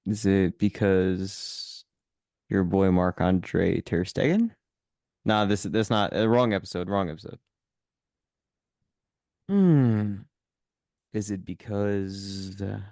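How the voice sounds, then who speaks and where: A man's voice: sits low, takes it slowly, long pauses, mellow, no echo, clean studio sound. A man co-hosting a football podcast, chatting casually and teasing his co-host. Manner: teasing, joking.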